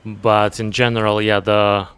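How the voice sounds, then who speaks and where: A man chats casually with his stream while he plays. His voice sits fairly low and comes through clean and resonant. He pauses often to find his words and keeps a measured tone. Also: level tone, fairly bright tone, clean tone, no echo. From Ukraine. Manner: halting, searching for words, measured. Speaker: game streamer. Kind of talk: casual chat with stream viewers while gaming.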